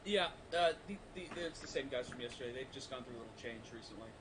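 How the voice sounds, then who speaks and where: A man's voice: mid-range voice, expressive, fast talker, fairly bright tone, far from the mic, poor audio. A man playing in a tabletop game, talking in an easygoing, casual way. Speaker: player.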